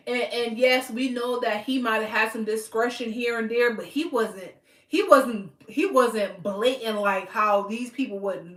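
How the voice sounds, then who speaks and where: Blunt, preachy woman podcast host. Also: fairly high pitch. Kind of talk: casual commentary. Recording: echoey room.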